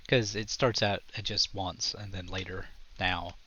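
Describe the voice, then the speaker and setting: A man's voice: low voice, steady tone, a little slow, bright, forceful tone, a little hiss or hum. A man running an online tabletop game as dungeon master, casually walking a player through the rules and narrating the scene. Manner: casual, patiently explaining rules. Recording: dull lo-fi audio.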